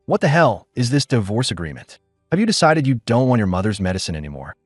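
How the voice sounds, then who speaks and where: A man's voice: mid-range voice, sing-song, quick pace, husky, no room sound, clean studio sound, soft background music. A man voicing a cold, scornful young wife who talks with sneering contempt. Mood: venomous.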